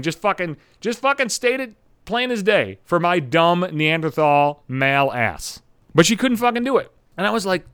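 A man's voice: sits high, very animated, normal speed, a bit bright, clean tone, no room sound, studio quality. A young adult man hosting a podcast, telling a rambling, swear-filled story in an exasperated way. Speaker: podcast host. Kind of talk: profane storytelling monologue.

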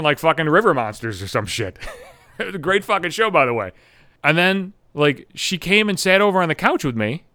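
A man's voice: on the high side, sharp tone, clear, resonant tone, dry recording, clean studio sound. A young adult man hosting a podcast, telling a rambling, swear-filled story in an exasperated way. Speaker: podcast host. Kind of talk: profane storytelling monologue.

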